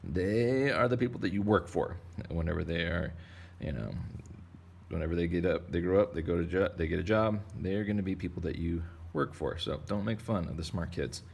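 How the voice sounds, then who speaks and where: Playful rambling guy teaching kids to draw, deep voice, bit of gravel, faint hum behind. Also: a little fast, darkish tone. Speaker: art teacher. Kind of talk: casual drawing lesson for kids.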